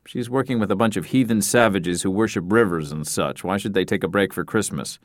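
A man's voice: on the low side, a little fast, no room sound, natural voice. A man reading the part of a grumpy, sardonic middle-aged husband in a dry, blunt way. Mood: wry.

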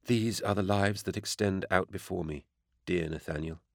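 A man voicing a gentle, sorrowful female saint who speaks softly and solemnly. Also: low-pitched, normal speed, no room sound, studio quality. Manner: soft, hushed and solemn.

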